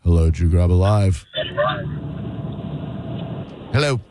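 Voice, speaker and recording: A man hosting a radio call-in show, joking dryly and firing back quick comebacks at callers. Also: deep voice, lively intonation, background noise. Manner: wisecracking, dry and quick with comebacks. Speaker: radio host taking calls. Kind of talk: casual radio talk show banter.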